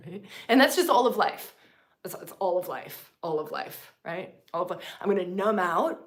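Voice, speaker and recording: A woman leading a spiritual teaching session live, swinging from loud, emphatic, profane lines to hushed whispers and repeating phrases for effect. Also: on the low side, lively intonation, a little slow. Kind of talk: impassioned spiritual teaching on a livestream.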